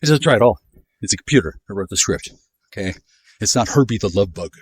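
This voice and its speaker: Deep-voiced guy in his 50s rambling and swearing on a walk, dry close sound. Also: animated, fast talker, husky, no room sound. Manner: profane, jumpy, sardonic, pitch jumps up and down. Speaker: vlogger. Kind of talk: rambling monologue while walking. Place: outdoors in a neighborhood.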